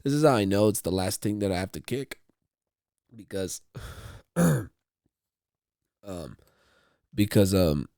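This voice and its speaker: A man's voice: fairly low pitch, lively intonation, takes it slowly, vocal fry, long pauses, dark tone, clear, resonant tone, no room sound, studio quality. A man hosting a podcast, talking alone in a casual, rambling way with lots of swearing and repeated words. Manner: rambling, profane, repeats himself. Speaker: podcast host. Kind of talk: casual solo monologue.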